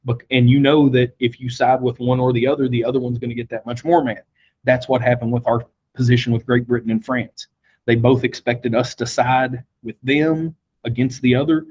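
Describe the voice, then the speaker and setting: In a conversational classroom lecture, a man teaches history with plenty of fillers and brief acted quotes. His mid-range voice is level, a little mellow and husky, at a moderate pace, and the highs are cut off.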